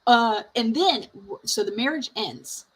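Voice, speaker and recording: A woman's voice: a little high, lively intonation, a little slow, fairly bright tone, slight background noise, poor audio. A woman hosting a casual chat show, retelling movie scenes with lots of fillers. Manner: chatty, laughs easily. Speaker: podcast host.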